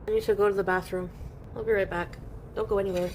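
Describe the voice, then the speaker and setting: A woman's voice: mid-range voice, level tone, fast, a little hiss or hum. A woman live streaming from home, chatting casually and reading viewer comments aloud while she eats. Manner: chatty and rambling, eating while talking.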